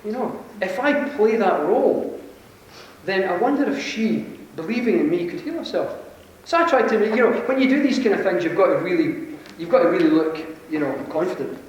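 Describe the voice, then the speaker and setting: A Scottish man with a Glasgow accent telling an animated, self-deprecating story to a conference audience, chuckling often. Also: high-pitched, brisk. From Scotland. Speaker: conference speaker. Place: large conference hall. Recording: very echoey hall, mic far off, faint hiss.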